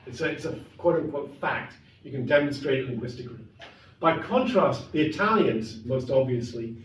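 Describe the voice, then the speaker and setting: A middle-aged man giving a conversational, emphatic classroom lecture on poetry. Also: on the high side. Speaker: literature lecturer. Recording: echoey classroom, mic far off, faint noise.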